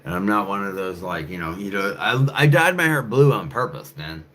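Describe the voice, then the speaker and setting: Deep-voiced man rambling profanely. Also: expressive, moderate pace, fairly bright tone. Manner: profane, rambling, many fillers. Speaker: channel host. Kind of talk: rambling casual monologue to camera. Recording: faint background noise.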